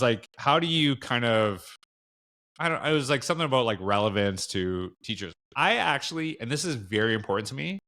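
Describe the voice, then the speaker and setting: A middle-aged man with a Canadian accent chats as a podcast guest. His pitch sits in an ordinary middle range. He rambles loosely, full of fillers and self-corrections. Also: pushed and bright. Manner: rambling, lots of fillers and restarts, acts out quoted dialogue. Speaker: podcast guest, education speaker. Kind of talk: casual interview chat.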